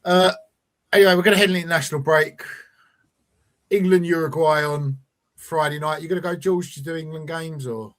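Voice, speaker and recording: A man's voice: on the high side, steady tone, a little fast. A man hosting a casual football fan podcast, rambling and teasing his co-host.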